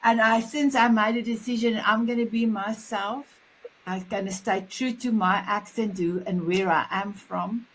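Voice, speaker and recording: South African woman host, gushing and warm-hearted in her praise, casual chat. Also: medium pitch, fairly even intonation, moderate pace, slight background noise, poor audio. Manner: effusive, repeats phrases of praise.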